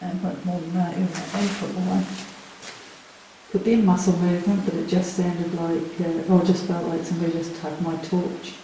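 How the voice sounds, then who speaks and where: A woman's voice: on the low side, little pitch movement, brisk, warm tone. Aussie lady ghost hunter talking to her stream, jumpy and chatty, big echo off stone walls, faint hiss. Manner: chatty, talks to viewers, nervous edge. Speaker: paranormal investigator and host. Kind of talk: live ghost-hunt stream chat. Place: dark stone prison cell, indoors. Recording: very echoey stone room with hiss.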